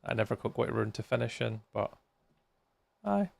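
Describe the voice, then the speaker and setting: A tired man talks through a live game stream, yawning now and then as he answers his viewers. His voice is deeply gravelly and full of fry, and it sits at an ordinary middle pitch for a man. He chats loosely and reacts to each message as it comes in. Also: big pitch swings, moderate pace. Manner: chatty, reacts to chat messages, talks while playing.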